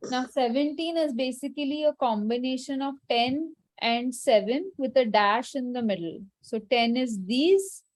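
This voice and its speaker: A woman teaching French numbers in an online class, repeating each word slowly and carefully. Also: sits high, expressive. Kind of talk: online language lesson. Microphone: video call.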